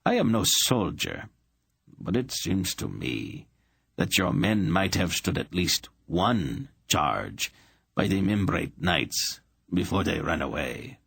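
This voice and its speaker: A man's voice: low voice, big pitch swings, slow, vocal fry, a bit bright, husky, no room sound, clean studio sound, full character voice. A man voicing an urbane, cruel emperor in an audiobook, speaking with silky, polite menace.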